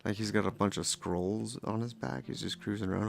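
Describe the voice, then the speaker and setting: Brief: male painter, playful rambling commentary, gravelly fry in the voice. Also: on the low side, brisk, faint music behind. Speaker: painter showing his work. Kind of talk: casual commentary.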